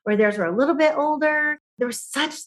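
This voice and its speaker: A middle-aged woman, a podcast guest who speaks on joy and laughter, telling stories in lively conversation and often laughing. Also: high voice, fairly quick. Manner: animated storyteller, often laughing.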